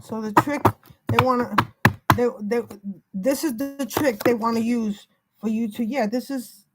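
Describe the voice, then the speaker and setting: A woman's voice: fairly high pitch, fairly even intonation, a little slow, very noisy. An older woman giving an unscripted spiritual reading, emphatic and warning, piling up repeated phrases. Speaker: spiritual reader.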